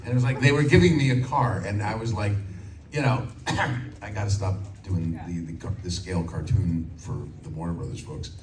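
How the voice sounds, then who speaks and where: A man in his sixties, a voice actor telling animated stories on a convention panel and slipping into character voices. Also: deep voice, fairly quick. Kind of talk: anecdotal panel storytelling. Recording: echoey hall from far off, loud crowd.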